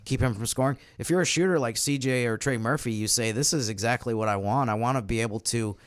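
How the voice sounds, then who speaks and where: Male co-host, smooth clear tone, dry close sound, earnest. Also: medium pitch, quick pace, dry recording. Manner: earnest, thoughtful, some restarts. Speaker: podcast co-host. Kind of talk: casual podcast chat.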